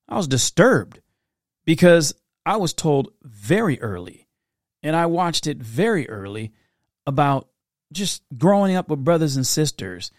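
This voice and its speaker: A middle-aged man telling animated parenting stories in a casual monologue, breaking into quick impressions. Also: a little high, no room sound, studio quality. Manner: animated storytelling with impressions and laughs. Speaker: parent giving advice.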